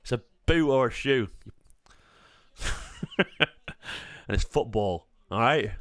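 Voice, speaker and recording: A man with a Mancunian accent chats casually on a live stream, rambling and jokey with the odd swear. His voice is smooth and clear, and the recording is dry and close. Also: medium pitch, expressive, slow pace, a bit bright, dry recording. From Manchester, England. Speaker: fan channel host.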